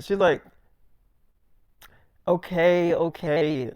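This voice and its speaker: Young guy w/ aave telling a funny freestyle story, high smooth voice, plays every part himself. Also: moderate pace, no echo. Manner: acts out every character himself, dropping low and soft for his own lines.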